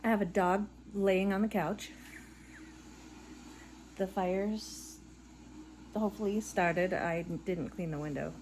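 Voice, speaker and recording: A middle-aged woman crocheting and chatting casually at home, rambling and tired, yawning between soft laughs. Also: mid-range voice, fairly even intonation, slow pace, pauses often, slight background noise. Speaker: crochet vlogger. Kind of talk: casual chat while crocheting. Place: living room at home. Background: faint background audio playing.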